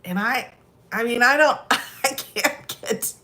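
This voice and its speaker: A middle-aged American woman telling stories in a casual chat, laughing often and animated. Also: fairly high pitch, takes it slowly. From United States. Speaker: host.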